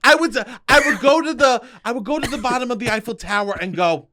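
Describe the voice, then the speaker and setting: A man's voice: very high voice, quick pace, bright, forceful tone. A young man co-hosting a podcast, chatting comedically and slipping into theatrical, mock-dreamy bits. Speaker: podcast co-host. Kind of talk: comedic casual chat.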